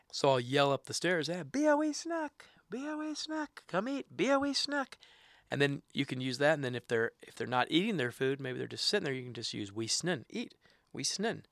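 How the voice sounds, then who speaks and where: A middle-aged man teaching words and phrases in a casual way, repeating each one slowly for learners. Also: medium pitch, vocal fry, bright, forceful tone, dry recording, studio quality. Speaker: language teacher. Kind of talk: casual instruction.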